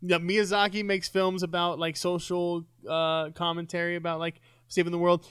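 A man's voice: sits high, level tone, moderate pace, a bit bright, smooth, dry recording, studio quality. A man co-hosting a casual podcast, swearing freely as he builds up to each reveal. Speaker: podcast co-host.

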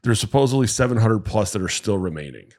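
A man's voice: on the low side, animated, fast, darkish tone. A man co-hosting a podcast, blunt and opinionated, talking in casual chat and often cutting in. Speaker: podcast co-host.

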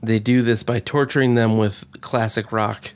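A man casually recapping a movie with sarcasm and profanity, mocking its lines in quick impressions. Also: on the low side, steady tone, clean tone. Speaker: podcast co-host. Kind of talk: casual movie review chat.

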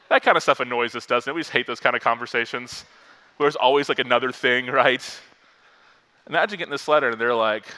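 A pastor from Florida preaching a lively sermon and acting out the quotes he reads. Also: medium pitch, fast talker.

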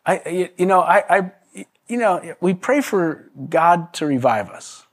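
A man preaching to his congregation in a lively, story-driven way. His voice sits a little high for a man, and he breaks into laughter and quick impressions of the people in his stories. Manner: animated storyteller, acts out quoted voices, laughs often, many restarts. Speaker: pastor. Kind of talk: sermon with storytelling.

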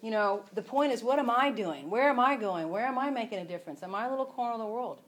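A woman's voice: fairly high pitch, animated, quick pace. A woman teaching from the Bible in a casual, rambling devotional style. She often breaks off and restarts her sentences. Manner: chatty, rambling, self-interrupting.

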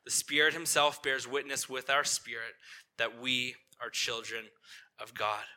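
A lead pastor preaches a sermon in church, talking conversationally, repeatedly asking the congregation questions and checking in with "right?" He grows tender and earnest on painful points, his mid-range voice pushed and bright at a measured pace.

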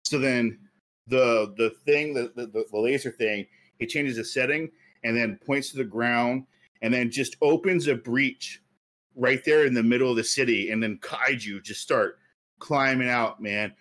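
A man's voice: medium pitch, a little slow, a bit bright. Rambling male podcast co-host. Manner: rambling storytelling, many fillers. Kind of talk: casual chat.

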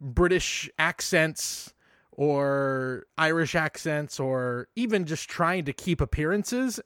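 A fairly high-voiced man co-hosting a podcast, talking in an animated, eager rush peppered with "uh" and "um." The sound is dry and close, with no room around it. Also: dry recording. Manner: animated, enthusiastic, many fillers. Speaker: podcast co-host. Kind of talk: casual film discussion.

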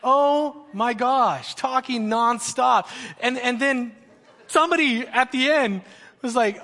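A man with a high voice delivers a sermon as a student pastor, keeping it casual, joking and energetic. His words ring out with a long reverb in a large church auditorium. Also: takes it slowly. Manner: energetic, joking, conversational preaching.

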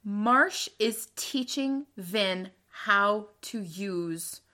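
A woman's voice: medium pitch, animated, drawn-out words, sharp tone. A woman co-hosting a casual book podcast, explaining things eagerly and laughing often. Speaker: podcast co-host. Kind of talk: casual book-club chat.

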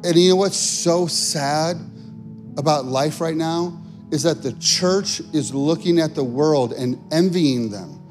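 A man's voice: a little high, slow, music in the background. A male pastor preaching a sermon in an earnest, conversational way.

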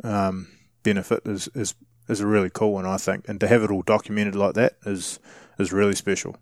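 A man hosting a casual interview, asking relaxed and encouraging questions. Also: on the low side, fairly quick, no room sound, studio quality. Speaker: podcast host.

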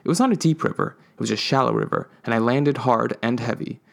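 A man co-hosting a podcast, reading a comic story aloud in dry, measured narration. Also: medium pitch, vocal fry. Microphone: podcast microphone.

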